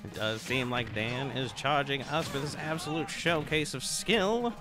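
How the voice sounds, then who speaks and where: A man's voice: mid-range voice, unhurried, music in the background. A man doing esports play-by-play commentary in a formal, old-timey announcer voice.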